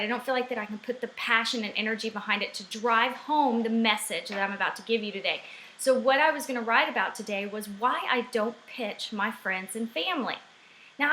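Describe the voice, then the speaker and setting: A woman's voice: a little high, bright, forceful tone, roomy sound, rough recording. A middle-aged woman ranting animatedly in a casual vlog from her home office. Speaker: network marketing vlogger.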